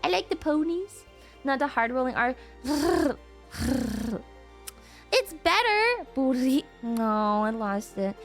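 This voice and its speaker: A woman's voice: high-pitched, sing-song, slow pace. A young woman streamer chatting casually with her viewers, playful and laughing often. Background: music.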